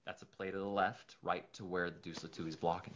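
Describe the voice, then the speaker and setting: A man telling an anecdote in a lively way, acting out the people he quotes. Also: sits low, fairly quick, slight background noise. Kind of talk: storytelling anecdote. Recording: dull lo-fi recording.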